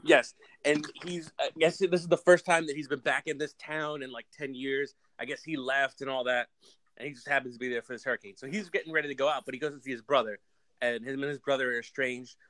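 A man's voice: medium pitch, fast, no echo, rough recording. A man casually retelling a film's plot on a remote podcast call, swearing freely as he tells it. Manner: animated storyteller, swears freely. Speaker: podcast co-host. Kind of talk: casual movie recap chat.

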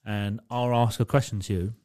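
A man's voice: lowish voice, fairly even intonation, normal speed, a little mellow. A man co-hosting a casual podcast, rambling through explanations, swearing freely and laughing often. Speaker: podcast co-host. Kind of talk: casual chat.

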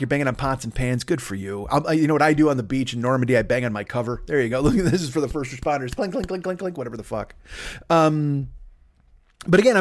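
A man hosting a solo comedy podcast from his home desk, rambling and self-deprecating, swearing constantly. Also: on the high side. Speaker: podcast host.

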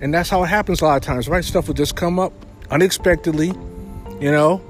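A man's voice: fairly high pitch, a little fast, soft background music. Conversational man preaching a sermon. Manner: conversational, retelling scripture with frequent fillers.

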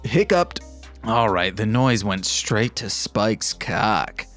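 A man's voice: lowish voice, fairly even intonation, slow pace, a bit bright, faint music behind. A man hosting a podcast, reading fan fiction aloud and breaking off for wry, self-mocking comments. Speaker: podcast host.

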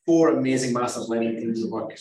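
A Scottish man in his forties, a whiskey company co-founder, chatting as a guest in a relaxed, joking way and laughing often. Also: medium pitch, fast, crowd noise. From Scotland. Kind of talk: casual interview chat. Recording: roomy, distant mic, faint background noise.

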